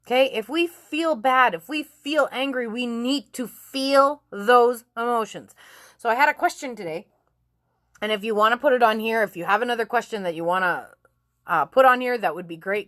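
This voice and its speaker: A woman in her forties talks straight to her viewers in a frank, emotional vlog, swearing freely and breaking into laughs. Her voice sits fairly high. The sound is dry, with no room echo. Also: a bit bright. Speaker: nurse and self-help vlogger. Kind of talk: candid motivational vlog talk.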